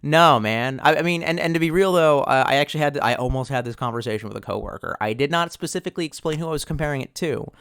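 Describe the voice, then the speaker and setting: A man's voice: a little high, fast, gravelly, hardly any pauses, a bit bright, clear, resonant tone, dry recording, studio quality. A young man chatting casually on a livestream, rambling and sarcastic, cursing often and reading viewer messages aloud. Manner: rambling, profane, sarcastic, reads chat aloud. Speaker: streamer.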